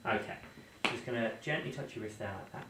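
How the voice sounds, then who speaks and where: A man's voice: mid-range voice, fast, heavy background noise. A man performing as a magician, giving live playful patter to a volunteer at an indoor venue. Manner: playful, teasing. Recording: echoey room, mic at a distance.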